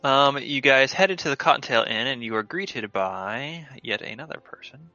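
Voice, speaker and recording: Brief: male game master, casual and chatty, bright voice, dry muffled lo-fi audio. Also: mid-range voice, animated, moderate pace, dry recording, faint music behind. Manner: casual, laughing, filler-heavy narration. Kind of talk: narrating a tabletop game.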